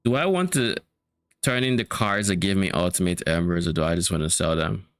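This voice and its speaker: A man's voice: low voice, brisk, clear, resonant tone, no room sound, studio quality. A man streaming a game, casually thinking aloud about loot and swearing now and then. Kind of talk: casual gameplay commentary.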